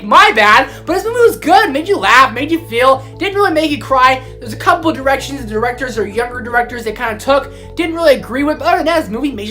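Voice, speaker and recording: A woman reviewing films in a casual vlog, excitable and easily riled up as she rants. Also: high-pitched. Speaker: film vlogger. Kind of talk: casual movie review rant.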